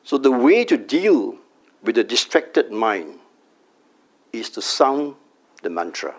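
Calm, gravelly middle-aged meditation teacher. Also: male voice, mid-range voice. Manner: calm, measured teaching with slow, drawn-out mantra chanting. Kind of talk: meditation workshop talk. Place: company workshop room.

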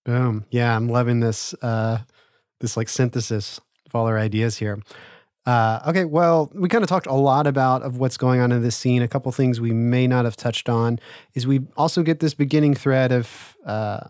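A male podcast co-host talks through a scene in a loose, chatty way, dotting his sentences with "uh" and "um." His voice sits at an ordinary middle pitch. The sound is dry and close, with no room echo. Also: normal speed. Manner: relaxed recapping with fillers. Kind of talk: casual podcast discussion.

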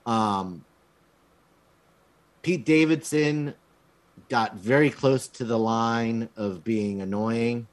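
A man's voice: medium pitch, extremely slow, long pauses. A man in casual podcast chat, reviewing a film bluntly with frequent ums and swearing. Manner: hesitant, lots of ums, blunt and profane.

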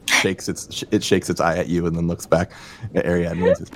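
A man running a tabletop fantasy game as game master, narrating in a relaxed, halting way with many restarts. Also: sits low.

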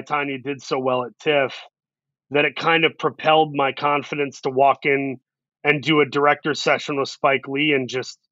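A man spins animated anecdotes as an interview guest and acts out the lines of the people in them. His voice is bright and sits a little high. The sound is close, dry and a touch dull. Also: no room sound. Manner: animated anecdotes with quoted asides. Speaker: actor guest. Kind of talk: storytelling interview.

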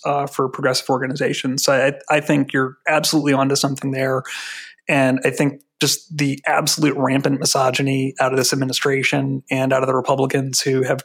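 A man from New Jersey talks as a guest on a podcast, explaining volunteer organizing earnestly. His voice is gravelly and a bit husky, with a flat, even delivery and plenty of fillers. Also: medium pitch. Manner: earnest, fluent with many fillers. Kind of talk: casual podcast chat.

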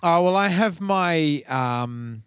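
A man's voice: fairly high pitch, expressive, takes it slowly, fairly bright tone, clear, resonant tone, dry recording, clean studio sound. A man with an Australian accent co-hosting a podcast, rambling and swearing in casual banter. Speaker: podcast co-host. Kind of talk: casual chat.

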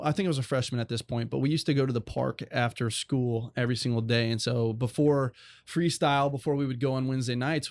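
A man's voice: medium pitch, gravelly, darkish tone, no echo. A young adult man telling a personal faith story as a guest, earnest and rambling with many restarts.

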